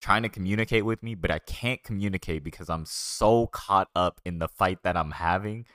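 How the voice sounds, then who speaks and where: Deep dude telling stories laid back, dry mic sound. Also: male voice, normal speed, fairly bright tone, no room sound. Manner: laid-back storytelling with fillers. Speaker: streamer and podcast co-host. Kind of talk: casual banter.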